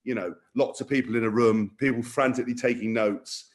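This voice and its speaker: A man co-hosting a podcast, telling stories in casual chat, animated and sweary. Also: mid-range voice, a little fast. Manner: animated, swearing, acting out quotes. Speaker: podcast co-host.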